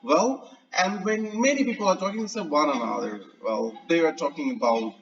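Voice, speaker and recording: A man who is an English lecturer gives an online grammar lesson in a chatty way. He often checks in with "right?" and stretches out his fillers. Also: a little high. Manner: drawn-out, hesitant fillers. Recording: distant, dull lo-fi mic.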